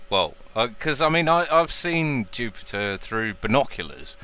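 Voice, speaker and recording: A man's voice: medium pitch, very animated, normal speed, bright, forceful tone, smooth. A man co-hosting a casual podcast, asking friendly questions.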